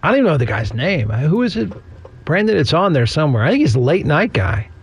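A man's voice: fairly high pitch, very animated, quick pace, husky, dry recording. A man hosting a sports talk radio show, chatting casually in a sarcastic, rambling way with frequent chuckles.

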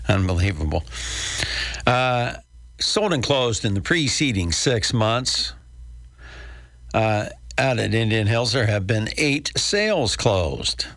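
A man's voice: medium pitch, fairly bright tone, no echo. An older man hosting a real estate radio show in a folksy, chatty way with wry asides. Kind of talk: casual radio talk with a live ad read.

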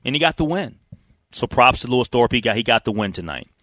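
A man hosting a talk radio show, recapping a baseball game in an energetic, chatty way with quick asides. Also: medium pitch, no room sound. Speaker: sports talk radio host. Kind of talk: casual radio sports recap. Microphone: studio microphone.

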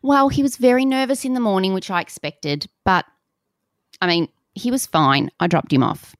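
A woman's voice: medium pitch, normal speed, no echo. Woman, 40s, podcast co-host, wry dry storytelling, dry close sound. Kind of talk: casual chat.

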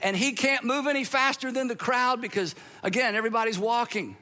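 A middle-aged man preaching a sermon as a pastor, in a conversational, animated way. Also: very high-pitched, brisk. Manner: conversational, animated, acts out quoted voices.

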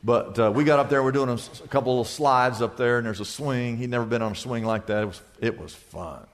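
A man's voice: medium pitch, brisk. An older man preaching a sermon as pastor, building emphatic repeated phrases and telling stories in which he acts out both sides of a conversation. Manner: preaching with rising, emphatic repetition.

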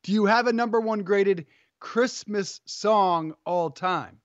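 A man hosting a sports podcast, with brisk, jokey host patter. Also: high voice, dry recording, muffled recording. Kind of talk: sports radio talk.

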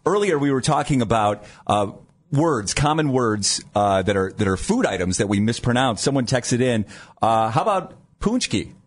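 A man's voice: medium pitch, normal speed. Chatty male radio co-host. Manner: chatty, stumbles over words. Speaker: radio morning show co-host. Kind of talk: casual radio banter.

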